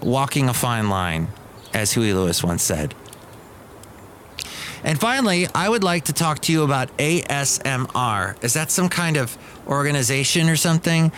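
A man's voice: medium pitch, a bit bright, a little hiss or hum. A middle-aged man hosting a podcast, rambling through a casual comic monologue with restarts and asides. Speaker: podcast host.

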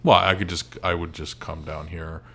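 A man's voice: a bass voice, little pitch movement, normal speed, a bit bright. A man, chatting as a podcast guest in a joking, blunt way and swearing casually.

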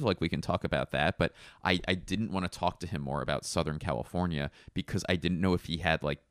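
A stand-up comedian from Philadelphia telling a rambling, casual anecdote full of fillers and self-corrections. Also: male voice, a bass voice, no echo, studio quality.

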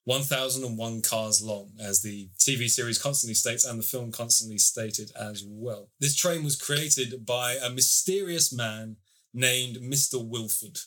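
A man's voice: mid-range voice, a little slow, pushed and bright. A man co-hosting a podcast, casually summarizing and reviewing a TV series at length, with the odd swear. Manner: chatty, swears casually, long plot summaries.

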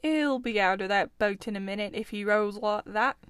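A woman's voice: medium pitch, moderate pace, fairly bright tone, clean tone, no echo, clean studio sound, lightly acted. A woman voicing a cheerful, chatty male water rat in a storybook reading. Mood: gossiping.

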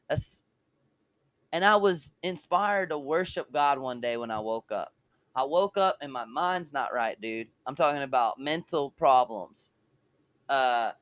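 A man gives an informal, passionate sermon and personal testimony from home, blending talk of scripture with casual slang. He's a preacher with a slightly high, somewhat bright voice, and there's no echo.

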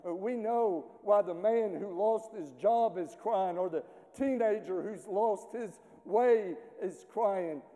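A man preaching a sermon as pastor, slow and earnest with emotional pauses, in a church sanctuary. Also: high-pitched, dark tone. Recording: long church reverb.

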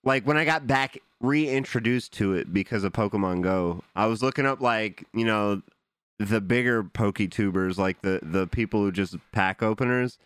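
A man's voice: fairly low pitch, moderate pace, a bit bright, smooth, dry recording. A man co-hosting a casual podcast, talking in slang, joking and laughing a lot. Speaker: podcast co-host.

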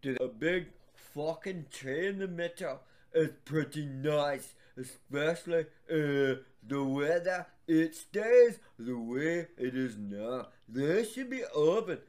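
A man's voice: a little high, lively intonation, slow, a little mellow. A man co-hosting a podcast, talking crudely with lots of swearing and laughter. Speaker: podcast co-host. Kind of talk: casual chat.

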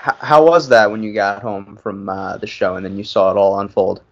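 A man's voice: fairly low pitch, fairly quick. Man asking casual interview questions. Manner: relaxed, brief questions and backchannels. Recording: muffled lo-fi audio.

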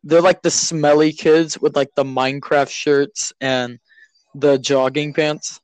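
A young man hosting a podcast, chatting casually and excitedly while coaching a friend through a video game. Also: fairly high pitch, slow pace, clean tone, no room sound. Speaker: podcast host. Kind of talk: casual chat while gaming.

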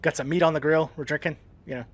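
A man's voice: a little high, fairly even intonation, quick pace. Laid-back joking male podcast host. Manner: laid-back, jokey, laughs often. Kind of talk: casual chat.

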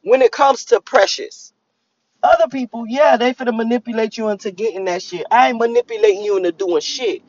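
A woman's voice: on the high side, brisk, darkish tone. A woman speaks straight to her viewers in a loose, motivational vlog. She is blunt and profane, and she preaches as her thoughts wander from point to point. The recording sounds dull and lo-fi. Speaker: vlogger. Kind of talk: casual motivational talk to viewers.

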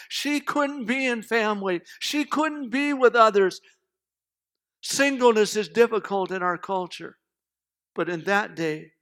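High-voiced man preaching a dramatic sermon. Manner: dramatic storytelling, acting out voices, swings between loud and hushed. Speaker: pastor.

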